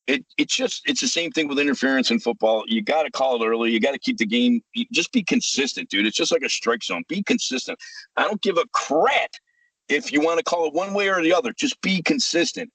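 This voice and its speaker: A man's voice: a little high, very animated, fairly quick, fairly bright tone, husky, dry recording, rough recording. A man, hosting a casual sports chat, ranting heatedly, swearing and repeating himself. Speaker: sports podcast host.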